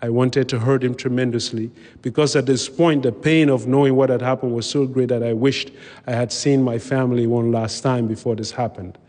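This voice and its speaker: A man recounting his own past in a measured, vivid way, pausing now and then to restart a phrase. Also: medium pitch, fairly even intonation, mellow. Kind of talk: personal storytelling talk. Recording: long hall reverb.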